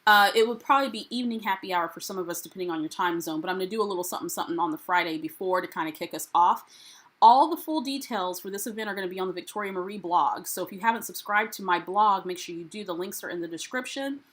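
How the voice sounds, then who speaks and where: A woman's voice: mid-range voice, quick pace, a bit bright. An American woman hosting a casual live stream, reading viewers' comments aloud and greeting them in a chatty, upbeat way. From United States. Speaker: livestream host.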